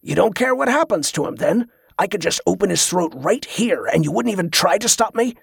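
A man's voice: high voice, lively intonation, brisk, creaky, slightly rough, no echo, studio quality, pitched above the performer's own voice, exaggerated voice. A man voicing a cruel, short-tempered male captor who snarls and mocks, in an audiobook. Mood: menacing. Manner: snarling, sarcastic.

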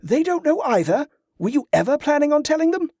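A man reading aloud, voicing an angry, defiant teenage boy who speaks in a sharp, bitter way. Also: high voice, lively intonation, moderate pace, dry recording, studio quality.

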